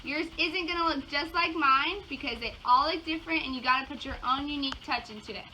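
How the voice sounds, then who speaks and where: In a high, sharp voice, a little fast, a young Southern woman from Georgia teaches floral design on casual video. She's bubbly and full of enthusiastic exclamations, moving from outdoor yards to an indoor table, and the audio is dull and lo-fi with outdoor noise.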